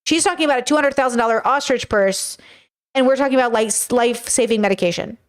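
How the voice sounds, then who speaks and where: A woman's voice: fairly high pitch, fast talker. Frank, rambling woman commentator. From United States. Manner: frank and rambling, swears, talks straight to viewers. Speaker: commentator reacting to a reality show. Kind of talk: casual reaction commentary.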